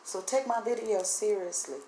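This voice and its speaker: A woman speaks haltingly to her camera, her voice breaking as she holds back tears. The room around her is echoey, and a faint hum of background noise sits under her words. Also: medium pitch, warm tone. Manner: earnest, halting, voice catching with emotion. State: voice breaking, teary. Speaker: vlogger sharing spiritual impressions. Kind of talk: emotional direct-to-camera talk.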